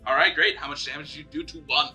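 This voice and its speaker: A man running a tabletop game as dungeon master, narrating lively and acting out monster screams. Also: a little high, fast talker, soft background music.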